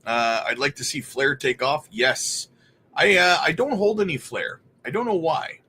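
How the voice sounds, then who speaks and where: A man's voice: a little high, unhurried, breathy edge. A man hosting a casual livestream, chatting loosely and greeting viewers by name as he goes. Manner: relaxed, laughs between remarks. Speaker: crypto livestream host.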